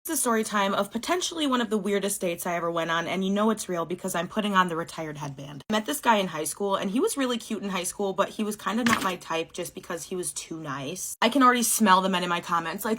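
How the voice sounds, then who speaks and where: Young woman, storytime vlogger, fast casual delivery, blunt, swears a lot. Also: mid-range voice, animated, a bit bright. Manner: blunt, swears, lots of fillers.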